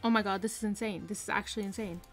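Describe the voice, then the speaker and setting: A woman streaming a game live from her room, excitedly commenting and repeating herself with hyped exclamations. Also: medium pitch, very fast, soft background music. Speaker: gaming streamer.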